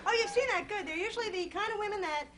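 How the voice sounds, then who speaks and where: A woman's voice: very high voice, very fast, crowd noise. A young woman from Long Island doing a wry, self-deprecating stand-up routine on a television stage. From Long Island, New York. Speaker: stand-up comedian. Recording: loud studio audience and noise.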